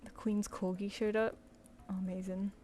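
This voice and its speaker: A woman's voice: medium pitch, flat delivery, moderate pace, mellow, soft background music. A woman chatting casually with viewers while she draws on a live stream, rambling and laughing easily. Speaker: streaming artist. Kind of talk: casual chat while drawing.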